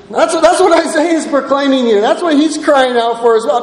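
Pastor, male, very high-pitched, earnest sermon delivery, roomy hall reverb. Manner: earnest, repeats "right?" often, reads scripture slowly. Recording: echoey hall with long reverb.

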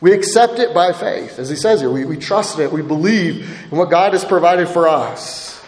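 Male pastor, sermon, high voice, conversational, echoey church hall. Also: moderate pace, darkish tone. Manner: conversational, often asks "right?". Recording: echoey hall with long reverb.

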